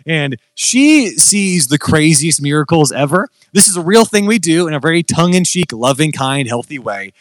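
A man in his thirties telling a story as a guest preacher, animated and self-deprecating, his voice jumping up when he gets excited. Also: on the high side, moderate pace, hardly any pauses, dry recording. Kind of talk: sermon storytelling.

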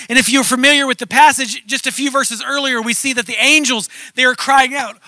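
A man's voice: very high voice, fairly quick, hardly any pauses, bright, forceful tone, no echo. A male pastor preaching a sermon in a conversational way that builds to emphatic points.

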